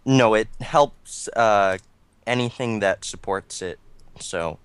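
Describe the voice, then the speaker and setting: A man's voice: fairly low pitch, slow pace, clean tone. A man in casual podcast chat, explaining things in a matter-of-fact way.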